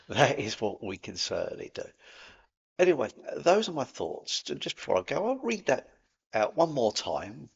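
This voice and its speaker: A man with a Cockney accent giving an earnest, gently encouraging spiritual talk to camera, in a matey way. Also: fairly low pitch, animated, moderate pace, vocal fry, slightly rough, dull audio. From London, England. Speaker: spiritual video host.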